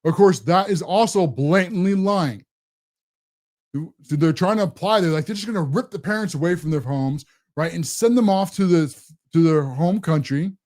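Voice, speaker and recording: A man's voice: high-pitched, moderate pace, a little mellow. Sarcastic combative man hosting commentary. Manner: combative, sarcastic, repeats himself. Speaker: host. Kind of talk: political commentary monologue.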